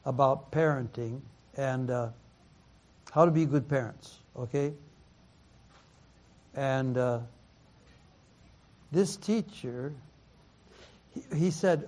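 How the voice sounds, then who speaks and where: Slow-talking pastor, halting and repetitive. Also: male voice, mid-range voice, darkish tone. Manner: halting, repeats words, laughs often, mixes in Mandarin phrases. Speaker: pastor teaching a Bible class. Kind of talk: sermon-style Bible teaching.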